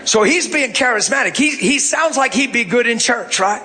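Animated preacher, high voice, man. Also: normal speed, over a noisy crowd, very noisy. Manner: animated, swings from low murmurs to shouting. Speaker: pastor. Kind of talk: storytelling sermon.

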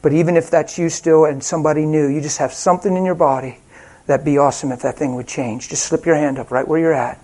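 A preacher with a slightly high voice delivers a sermon in a relaxed, conversational style. He tells personal stories and laughs often as he talks. Later he leads the congregation in a healing prayer. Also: fast talker.

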